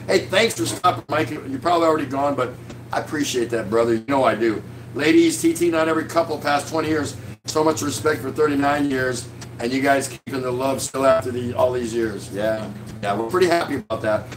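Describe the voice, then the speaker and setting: A man in his sixties hosts a laid-back live stream from the couch at home, sipping beer as he reads viewer comments out loud and cracks jokes with a chuckle. His voice is medium in pitch, and there's noise in the background.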